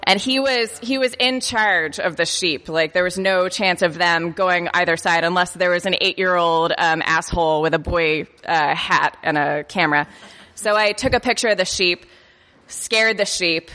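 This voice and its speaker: A woman with a bright, forceful voice tells a self-deprecating personal story, stumbling over her words and breaking into laughs. Her voice rings out with a long hall reverb behind it. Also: on the low side, normal speed. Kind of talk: personal anecdote told to an audience.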